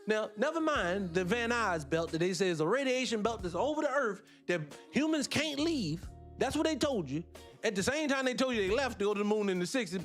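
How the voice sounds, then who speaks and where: A man hosting an online radio show, talking casually and rambling to his listeners, swearing freely. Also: high voice.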